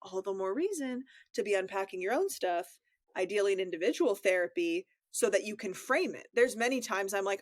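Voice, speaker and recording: A woman's voice: mid-range voice, lively intonation, fairly quick, dry recording. A woman co-host with a middle-range voice shares candid advice in an easy conversational way. She sounds reflective and direct. The recording is close and dry, with no room sound. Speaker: podcast co-host, therapist.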